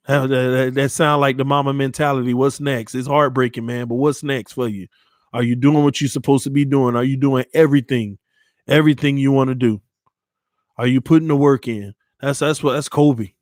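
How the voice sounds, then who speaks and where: A man's voice: mid-range voice, fairly even intonation, normal speed, no echo, clean studio sound. Earnest man urging viewers on. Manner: earnest, repeats phrases, addresses viewers as man and y'all. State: shaken after crying. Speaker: sports channel host. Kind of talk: emotional motivational talk to viewers.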